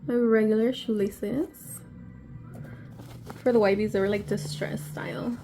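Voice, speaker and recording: A woman vlogger unboxing on camera, excitable and gushing, gasping often and sometimes dropping to a breathy whisper. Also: medium pitch, measured pace, soft background music. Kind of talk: casual unboxing vlog.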